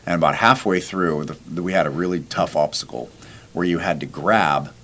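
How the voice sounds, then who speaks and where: A man's voice: deep voice, moderate pace. A man hosting a podcast, telling a story in casual chat and acting out what people said. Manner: animated, acts out quoted dialogue. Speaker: podcast host.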